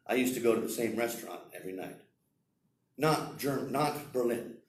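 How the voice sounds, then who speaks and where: A man teaching English at a seminar, lecturing slowly and demonstrating example sentences aloud. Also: medium pitch, a little mellow. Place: seminar room. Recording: roomy echo, heard from far off.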